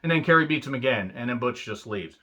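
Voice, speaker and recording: A man's voice: mid-range voice, animated, fast, fairly bright tone, lo-fi sound. A man from the United States giving a casual spoken review of an old wrestling show. He talks bluntly and swears freely, with sarcastic asides.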